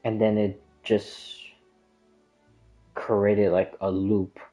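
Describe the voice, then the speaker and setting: A man's voice: lowish voice, level tone, drawn-out words, dark tone, soft background music, low-quality recording. A man casually talking through a theory in a rambling, hesitant way, with lots of filler words and restarts. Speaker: gaming lore commentator. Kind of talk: casual explanatory monologue.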